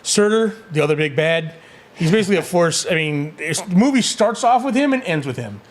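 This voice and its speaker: A fairly high-voiced man co-hosts a casual movie review show. He talks with eager enthusiasm and keeps slipping into goofy impressions of characters. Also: brisk. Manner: excitable, often acts out characters' lines in silly voices. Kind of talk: casual spoiler review chat.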